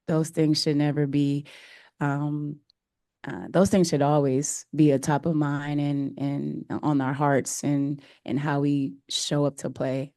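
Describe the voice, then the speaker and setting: A woman coach speaks at a press conference with a low, mellow voice that stays fairly flat in pitch. She is earnest and emotional and often stops on fillers. The sound is dry. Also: vocal fry, dry recording. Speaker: head coach. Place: press room.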